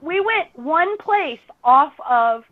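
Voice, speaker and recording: A woman hosting a podcast in casual chat, telling stories in an animated way and jumping up in pitch when she quotes herself. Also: slow. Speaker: podcast host. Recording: tinny phone-like line.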